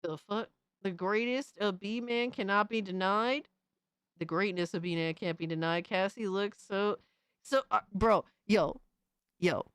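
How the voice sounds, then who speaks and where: A young adult woman streamer doing profane, excitable reaction commentary, often shrieking in disbelief. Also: mid-range voice, measured pace, clean tone, no room sound, clean studio sound.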